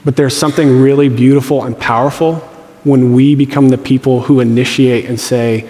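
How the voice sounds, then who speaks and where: Pastor preaching in a reverberant hall. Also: male voice, medium pitch, fairly even intonation, moderate pace, warm tone. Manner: conversational and joking, with playful voiced asides. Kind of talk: sermon.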